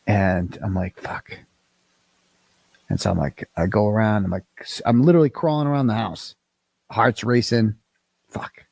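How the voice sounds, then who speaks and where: A man's voice: medium pitch, a little mellow, dry recording. A man anxiously recounting something in casual talk and swearing often.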